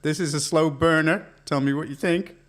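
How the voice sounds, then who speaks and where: A man's voice: a little high, steady tone, moderate pace. A man hosting a casual chat show, joking and laughing often with his co-host.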